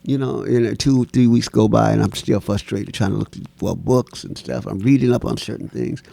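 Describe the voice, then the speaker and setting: A man telling stories as an interview guest, animated and laughing, acting out the voices of people in his stories. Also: on the low side, normal speed, vocal fry, no room sound. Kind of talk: storytelling in a casual interview.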